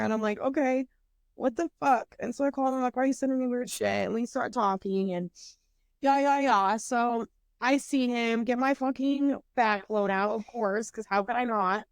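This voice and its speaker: Profane, animated young woman storyteller. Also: on the high side, measured pace, gravelly, dry recording. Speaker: podcast co-host. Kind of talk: casual storytelling chat.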